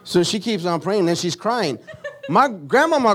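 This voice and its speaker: A man preaching a sermon, moving from solemn teaching to lively storytelling. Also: high-pitched, normal speed, background noise. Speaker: pastor.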